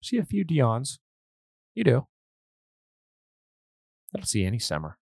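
A man's voice: medium pitch, wildly swooping pitch, measured pace, gravelly, darkish tone, no echo, clean studio sound. A man hosting a casual hockey podcast, an enthusiastic fan who rambles and restarts his sentences. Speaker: podcast host.

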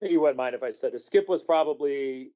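A man's voice: medium pitch, brisk, mellow, muffled recording. A man telling a story as a guest in an interview, rambling with many fillers and restarts. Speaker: guest, former hockey player.

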